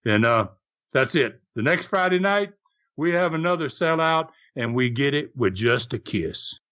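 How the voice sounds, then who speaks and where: A man's voice: mid-range voice, a little slow. An older man, hosting a podcast and telling stories, acting out the quotes with energy. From American South. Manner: animated, acts out shouted quotes. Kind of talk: storytelling chat.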